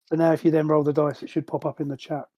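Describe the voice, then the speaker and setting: Helpful man with a mellow, dry voice. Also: fairly high pitch, little pitch movement, quick pace, no echo. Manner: helpful, explaining patiently. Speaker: player. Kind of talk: casual tabletop play. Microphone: computer mic on a voice call.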